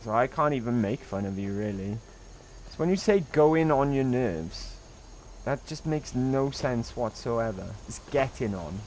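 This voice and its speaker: Over slight background noise, a middle-aged man with an animated, darkish, mid-range voice talks at normal speed while streaming a game. He keeps up joking, teasing banter with viewers and swears occasionally.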